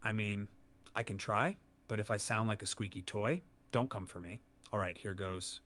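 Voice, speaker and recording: A man's synthetic AI voice answering in a calm, good-natured, measured way. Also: fairly low pitch. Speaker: AI chat companion. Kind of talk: conversational AI replies.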